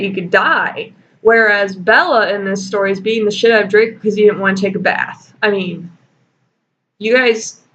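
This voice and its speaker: Hosting a sarcastic fanfiction reading and critique, a woman with a medium-pitched, slightly bright voice swears freely and laughs a lot. It's a dull lo-fi home recording with faint noise.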